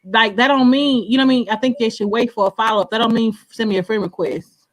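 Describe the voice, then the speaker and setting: A woman's voice: a little high, quick pace. A woman panelist speaking bluntly and emphatically in a casual live chat.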